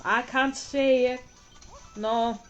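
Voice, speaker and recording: Rambling woman host, higher voice. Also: steady tone, takes it slowly, muffled recording, soft background music. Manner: rambling, stumbling over words, exasperated. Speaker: reaction video host. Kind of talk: casual reaction commentary.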